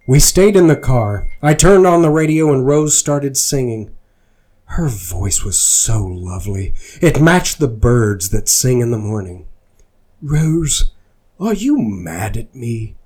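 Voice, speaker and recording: A man's voice: medium pitch, lively intonation, a little slow, darkish tone. A man reading a fan story aloud as a dramatic performance, voicing the narrator earnestly. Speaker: fanfiction reader.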